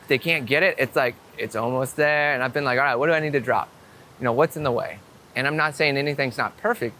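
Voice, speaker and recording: A man vlogging outdoors, telling a story to the camera in an eager rush and swearing freely. His voice is bright and forward, and faint street noise runs under it. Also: mid-range voice. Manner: excitable, swearing storyteller with many "I'm like" quotes. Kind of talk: casual talk to camera.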